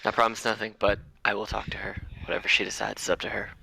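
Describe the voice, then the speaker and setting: A man playing a tabletop game, blunt and quick to laugh. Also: lowish voice, monotone, vocal fry, pushed and bright, breathy edge, dry recording, rough recording. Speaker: player. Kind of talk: tabletop role-play.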